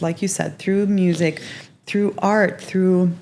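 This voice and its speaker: A woman's voice: fairly low pitch, fairly even intonation, slow pace, warm tone. A woman speaking as a guest in a casual interview. She talks earnestly and reflectively, with many "like" fillers. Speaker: podcast guest.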